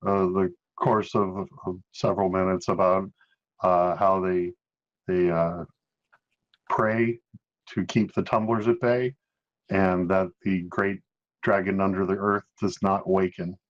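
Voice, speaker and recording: Low-voiced man running a tabletop game. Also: level tone, dull audio. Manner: hesitant, many filler pauses. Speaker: game master.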